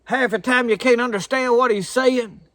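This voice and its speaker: A man with a thick Southern drawl preaches in a folksy, earnest way, leaning hard into his points. His voice sits high and bright, with a sharp edge to it. It is recorded close and dry, with no room sound. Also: fairly even intonation, moderate pace, no room sound. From American South. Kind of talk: sermon.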